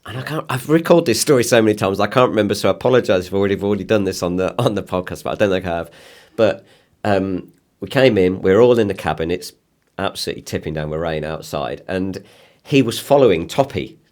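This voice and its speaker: A man hosting a podcast, telling racing anecdotes in a casual, chuckling manner with quick asides. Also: sits low, animated, darkish tone. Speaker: podcast host. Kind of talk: casual chat.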